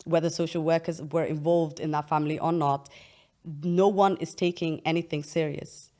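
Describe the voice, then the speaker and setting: A woman's voice: deep voice, fairly even intonation, moderate pace, mellow. A young woman hosting an interview, explaining at length in an earnest, casual way with frequent restarts. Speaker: podcast host.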